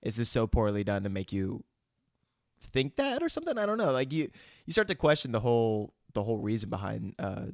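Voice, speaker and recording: A man in the middle range of pitch with a gravelly, creaky edge and a lively, swinging pitch. He chats in a laid-back way with crude asides, and he sounds close and dry. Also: fairly quick, no echo. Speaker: podcast co-host. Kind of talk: casual chat recapping a movie.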